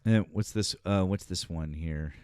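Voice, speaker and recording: A man's voice: deep voice, measured pace, darkish tone, smooth, no room sound, studio quality. A man hosting a casual politics livestream, rambling, swearing now and then, and thanking viewers from the chat. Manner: rambling, swears, many fillers, reads chat aloud.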